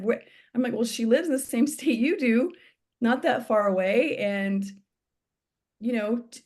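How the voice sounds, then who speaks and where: A woman's voice: on the high side, normal speed, creaky, darkish tone. A woman guest telling her story in an interview, acting out the dialogue she quotes.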